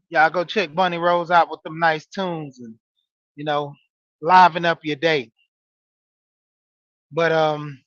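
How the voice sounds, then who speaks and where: A man in his forties with a high voice talks straight to his listeners, telling a story in a loose, casual monologue full of "you know"s. The sound is dry and a little dull, with no room around it. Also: fairly bright tone, dry recording. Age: 40s. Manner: storytelling, talking straight to listeners with frequent fillers. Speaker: podcast host and wrestling coach. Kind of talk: casual monologue, greeting live chat.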